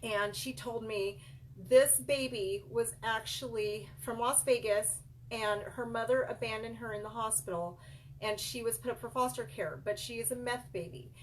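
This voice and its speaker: A woman's voice: a little high, fairly even intonation, moderate pace, slight background noise. A middle-aged woman, a child care business coach and center owner, earnestly telling a personal story straight to her viewers, calling them "you guys.".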